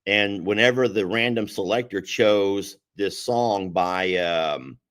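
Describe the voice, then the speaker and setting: A man co-hosting a casual chat show, telling a story with a lot of energy. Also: slow pace. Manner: animated storyteller, pitch jumping up when excited. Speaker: podcast co-host.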